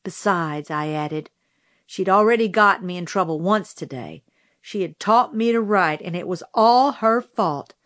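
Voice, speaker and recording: A woman narrating a novel aloud in a measured storytelling manner on a close microphone. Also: lowish voice, lively intonation, fairly bright tone, dry recording. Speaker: audiobook narrator. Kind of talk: scripted narration.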